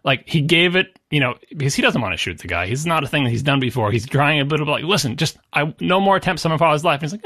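A man co-hosting a casual film podcast, excitedly retelling scenes and acting out the characters' lines. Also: fairly high pitch, quick pace, few pauses, no echo, studio quality. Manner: animated, acts out quotes in voices. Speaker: podcast co-host. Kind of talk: casual movie discussion.

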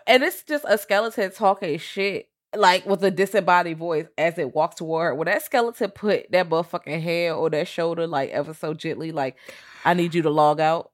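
Deep-voiced woman co-host, animated profane film recap. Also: a little fast, hardly any pauses. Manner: animated storytelling, lots of swearing and quoted voices. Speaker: podcast co-host. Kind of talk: casual profane movie recap.

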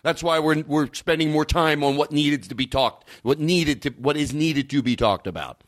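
A man hosting a podcast, ranting, swearing and jumping his pitch for emphasis. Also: normal speed. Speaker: podcast host. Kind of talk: heated podcast rant.

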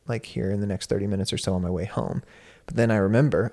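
A young man who teaches at a university, telling a personal story in casual conversation, animated and full of fillers. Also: fairly low pitch, quick pace, vocal fry. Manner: animated, many fillers, laughs while telling. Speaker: university instructor and guest.

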